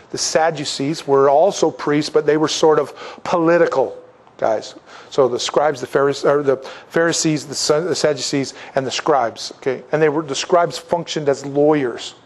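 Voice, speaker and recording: A male pastor preaching a sermon in a conversational style, acting out the voices of the people he quotes. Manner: conversational preaching, acts out quoted voices, wide swings in pitch and loudness.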